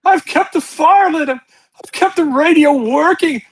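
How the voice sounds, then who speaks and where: A man's voice: very high-pitched, a little slow, pitched above the performer's own voice, low-quality recording. A weeping terrified old man. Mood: desperate weeping. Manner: sobbing, shaky, pleading, rising to shouts.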